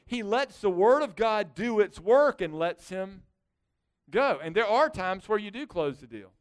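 High, smooth-voiced male preacher. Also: moderate pace. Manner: conversational, animated, with sarcastic asides. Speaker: pastor. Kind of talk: sermon.

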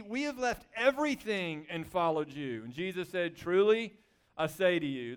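High-voiced, smooth male preacher. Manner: conversational, animated preaching with rhetorical questions. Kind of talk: sermon.

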